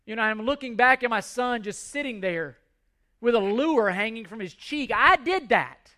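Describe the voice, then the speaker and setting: A man's voice: very high voice, normal speed, a bit bright. A middle-aged man preaching a sermon, earnest and pleading, often repeating words as he restarts. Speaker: pastor.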